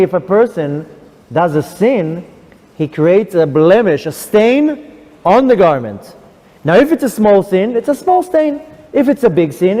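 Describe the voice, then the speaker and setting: Rabbi giving a lively testimony talk, high, expressive voice, long hall reverb. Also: male voice. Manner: animated, emphatic storytelling. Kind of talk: testimony lecture.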